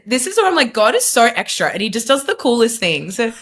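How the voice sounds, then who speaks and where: A woman's voice: a little high, big pitch swings, fast, fairly bright tone. Earnest young woman sharing testimony. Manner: earnest, emphatic, many fillers and restarts. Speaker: podcast guest. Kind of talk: candid testimony in conversation.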